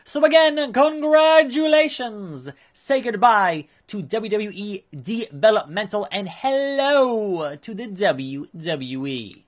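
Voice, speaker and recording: A man voicing a smug middle-aged male wrestling promoter, speaking slowly and grandly. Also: high voice, expressive, pitched above the performer's own voice. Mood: pompous. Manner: pompous, slow and grandiose.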